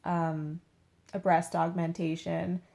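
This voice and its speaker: A young woman tells a story in a relaxed, chatty way, leaning on "like" and slipping into little voices for the people she quotes. Her voice is warm and mellow rather than bright. She sounds laid-back, as if talking from her bed. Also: on the low side, takes it slowly, creaky. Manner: chatty, heavy use of "like", acts out quotes. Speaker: beauty vlogger. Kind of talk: casual storytelling to camera. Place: in bed at home.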